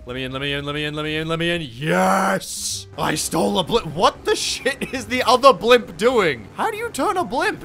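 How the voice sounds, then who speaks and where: A young Australian man giving excitable, swear-filled commentary while playing a video game. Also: high voice. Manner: excitable, swearing, laughing at chaos. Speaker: gaming YouTuber. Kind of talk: live gameplay commentary.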